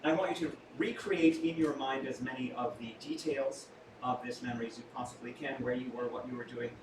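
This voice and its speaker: A man performs stage mentalism live for a small audience, using theatrical, playful patter and joking asides to the crowd. His medium-pitched voice holds a steady tone at a slightly fast pace. The room is echoey, he is far from the mic, and audience noise is audible.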